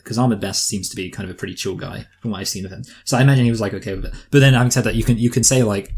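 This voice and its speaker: A man's voice: fairly low pitch, racing, few pauses, a little mellow. A man co-hosting a casual film review podcast, joking and sarcastic.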